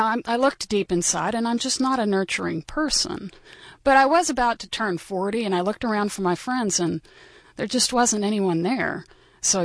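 A woman in her forties tells a personal story with dry, wry humor. Her voice sits in a middle pitch and is recorded close and dry, with no room sound. She is a guest on a radio storytelling show. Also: no room sound.

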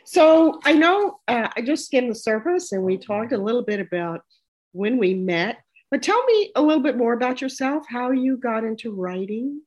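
A woman's voice: a little high, big pitch swings, moderate pace, a little mellow, low-quality recording. An older American woman hosting an interview show, talking in a chatty way with frequent restarts. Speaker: show host. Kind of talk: casual interview chat.

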